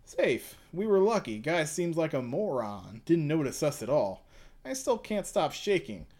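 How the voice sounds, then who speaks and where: A man putting on a timid young boy whose voice jumps up high and shakes with fear. He sounds frightened and pleading, like a kid reading from a manga panel. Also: very animated, measured pace, a little mellow. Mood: scared.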